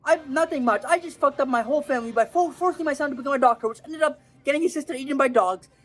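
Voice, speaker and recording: A woman's voice: high-pitched, racing, natural voice. A woman voicing an old grandfather who shrugs off his regrets in a flippant, offhand way. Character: troubled old grandfather, casually confessing regrets.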